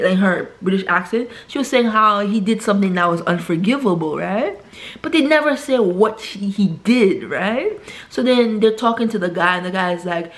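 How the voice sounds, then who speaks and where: Rambling woman vlogger, always asking "right?". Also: normal speed. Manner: rambling, says "right?" constantly; acts out quoted characters in a higher voice. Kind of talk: casual monologue.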